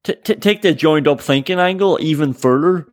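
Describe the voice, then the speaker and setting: A man's voice: a little high, normal speed, dry recording, studio quality. Guy guesting on a football podcast, stammery starts, blunt and a bit sweary. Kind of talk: casual football chat.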